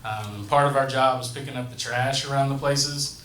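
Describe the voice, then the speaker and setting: A man in his thirties hosts a stand-up set in a comedy club, telling profane, conversational stories with asides to the crowd on a handheld stage mic. His voice is medium-pitched, steady, slightly fast and a bit bright, with a faint hiss or hum. The echoey club room carries audience laughter.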